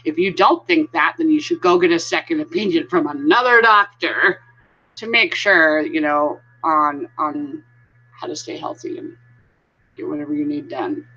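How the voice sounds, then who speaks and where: Bright-voiced woman chatting on a live stream. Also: low voice, expressive, normal speed, slightly rough. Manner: chatty, greets viewers by name. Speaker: vlogger hosting a live stream. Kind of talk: casual live-stream chat. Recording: dull lo-fi sound.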